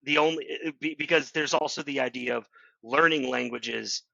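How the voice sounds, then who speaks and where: A man co-hosting a podcast, speaking in a halting, stammering way while he muses about language. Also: medium pitch, vocal fry, sharp tone, dry recording. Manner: halting, stammering, quick to joke. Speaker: podcast co-host. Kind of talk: casual chat. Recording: dry, dull lo-fi sound.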